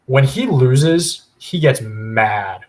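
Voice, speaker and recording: A man's voice: mid-range voice, lively intonation, extremely slow, darkish tone. A man co-hosting a podcast, giving a long, opinionated analysis in casual chat with plenty of fillers. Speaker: podcast co-host.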